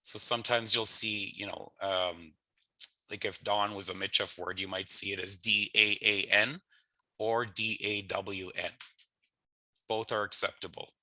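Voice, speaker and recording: Bright-voiced man teaching pronunciation. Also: fairly low pitch, a little slow, dry recording. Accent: Canadian English. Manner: explanatory, relaxed, laughs at himself. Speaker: language teacher. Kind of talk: pronunciation lesson.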